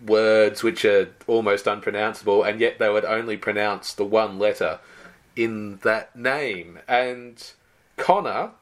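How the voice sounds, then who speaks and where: A man co-hosting a podcast, explaining things in a measured way with small stammers. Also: on the low side. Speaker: podcast co-host. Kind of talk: casual chat.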